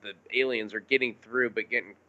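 A man's voice: medium pitch, fairly even intonation, phone-quality sound. A man in a casual podcast chat, cursing freely and restarting sentences. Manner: swears freely, halting with restarts. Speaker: podcast co-host.

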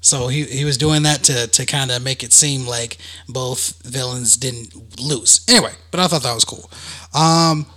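A man hosting a casual podcast, telling a story with lively acted-out voices. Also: medium pitch, unhurried, few pauses. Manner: animated storyteller, acts out voices. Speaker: podcast host.

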